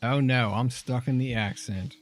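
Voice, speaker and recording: A man's voice: medium pitch, normal speed. American guy on a co-op game stream, dry and wry, faint game music behind. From United States. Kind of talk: casual let's-play chat.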